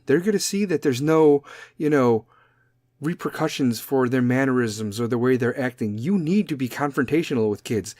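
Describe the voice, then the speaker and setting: A man's voice: mid-range voice, normal speed, darkish tone, no echo, clean studio sound. A man hosting his podcast, delivering a blunt, profane opinion monologue. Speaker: podcast host.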